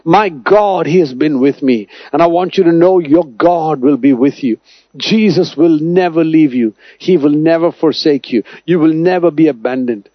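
A man preaching a sermon, declaring scripture over the listeners, swinging between loud emphatic lines and low hushed ones. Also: moderate pace, dry recording, dull audio.

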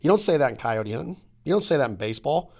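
A middle-aged man hosting a casual hunting podcast, talking in an energetic, emphatic, rambling way. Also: mid-range voice, fast talker, vocal fry. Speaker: podcast host.

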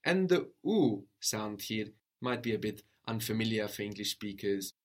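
A man teaching a language lesson, patiently modeling pronunciation slowly and asking a student to repeat. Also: on the low side, expressive.

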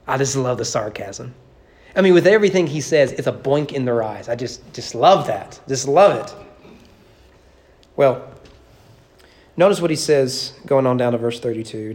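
A man preaching with emphasis, driving his points home with repeated phrases and pointed rhetorical questions. His voice sits at an ordinary middle pitch for a man. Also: expressive, moderate pace, darkish tone. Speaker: pastor. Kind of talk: sermon.

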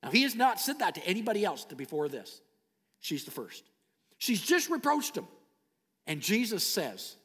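A man preaching a sermon, animated, dropping to soft low tones when he reads scripture. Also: normal speed, slightly rough. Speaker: pastor. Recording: long hall reverb.

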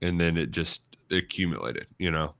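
A man's voice: sits low, moderate pace, fairly bright tone. A young man co-hosting a sports radio show from a studio, rambling casually with lots of "like" and "you know". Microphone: studio microphone.

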